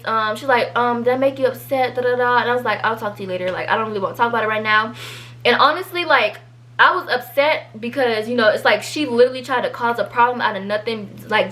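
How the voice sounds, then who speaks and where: A teenage girl tells a storytime in a chatty, rambling way, full of fillers. Her voice sits a little high, and she gets animated whenever she quotes someone. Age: teens. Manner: chatty, filler-heavy, animated when quoting people. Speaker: vlogger telling a story. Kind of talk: casual storytime.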